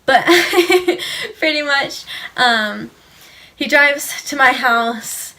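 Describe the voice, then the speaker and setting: A woman's voice: sits high, animated, very slow, pushed and bright. Giggly teenage girl telling a story. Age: teens. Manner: giggly, laughs often mid-sentence; filler-heavy, says "like" a lot. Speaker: vlogger. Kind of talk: casual storytime.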